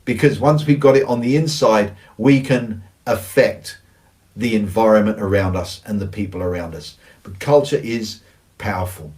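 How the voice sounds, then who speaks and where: Earnest and emphatic, a male church leadership speaker repeats his key phrases in a recorded teaching on church and organizational culture. His voice is fairly low and darkish in tone, at a normal speed, picked up from a distance.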